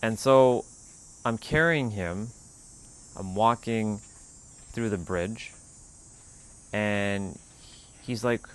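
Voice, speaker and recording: A man hosting a spiritual livestream, telling a personal story in a relaxed, rambling way with lots of "like.". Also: lowish voice, extremely slow, pauses often, clean tone.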